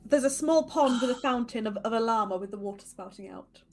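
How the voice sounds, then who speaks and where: A woman runs a tabletop game as game master, describing scenes in a chatty, easy way. Her voice is a little high. Music plays clearly underneath her. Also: animated, brisk, a little mellow.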